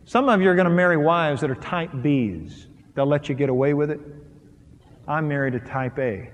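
A pastor preaching a sermon on marriage to a live audience, emphatic and animated, swinging between loud and soft. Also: male voice, on the high side, normal speed, a little hiss or hum. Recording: long reverb of a large hall.

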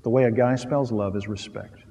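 A man preaching a sermon, moving from quiet, low asides to loud, rising emphasis and acting out little scenes. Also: fairly even intonation, moderate pace, big-room sound, a little hiss or hum.

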